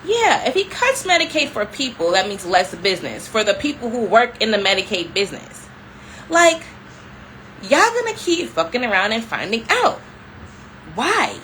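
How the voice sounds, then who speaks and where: A young adult woman vlogs to her viewers in a casual, storytelling chat. Her voice is bright and forward, and her delivery is animated and conversational, full of "like" and asides to y'all. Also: fairly high pitch, moderate pace, slight background noise, rough recording. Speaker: vlogger.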